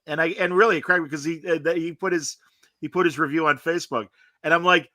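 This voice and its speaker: A man with a bright, forceful, slightly high voice hosting a casual podcast. He jokes and cuts in fast. The close mic is dry. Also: steady tone, no room sound. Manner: jokey, quick to interject.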